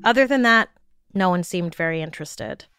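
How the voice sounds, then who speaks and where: A woman's voice: fairly low pitch, lively intonation, normal speed, over music. A woman hosting a podcast, narrating a scripted story with wry, jokey asides. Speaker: podcast host.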